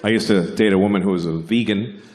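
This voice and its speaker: A man doing a stand-up comedy set, telling stories in a deadpan, unhurried way and jumping into high character voices. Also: a little hiss or hum. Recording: live venue with audience laughter.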